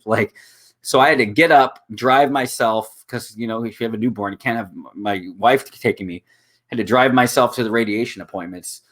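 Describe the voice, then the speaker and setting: Young guy on a podcast, earnest and kinda halting, lots of restarts, normal pitch. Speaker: guest. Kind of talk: emotional casual conversation.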